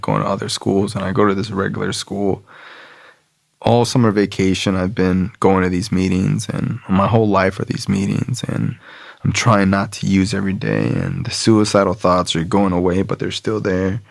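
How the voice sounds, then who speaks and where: A man's voice: fairly low pitch, vocal fry, dry recording, studio quality. A man from South Florida, a podcast guest, telling his own story frankly and loosely, with plenty of filler words and swearing. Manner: frank, loose, heavy use of "like" and profanity. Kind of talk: candid personal storytelling.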